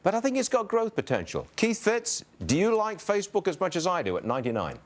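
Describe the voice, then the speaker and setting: A man's voice: high voice, huge pitch swings, quick pace. A man hosting a financial talk show, pressing guests with teasing questions. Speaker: host.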